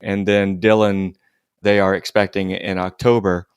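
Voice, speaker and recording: A man's voice: sits low, level tone, unhurried, clear, resonant tone, no echo, clean studio sound. A middle-aged man co-hosting a faith-based podcast, thinking aloud in a reflective, casual way. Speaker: podcast co-host.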